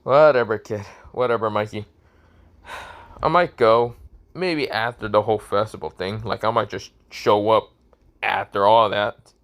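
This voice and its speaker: A man voicing a blunt, tough young male fighter who talks gruffly and swears offhandedly. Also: lowish voice, a little slow.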